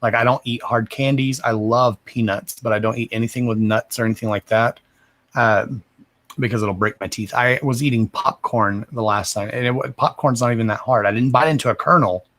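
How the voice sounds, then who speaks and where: A man's voice: medium pitch, steady tone, a little fast, a bit bright. A man, mumbling as he chats casually and profanely on a livestream as a card reader. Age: 30s. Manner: profane, rambling and self-deprecating.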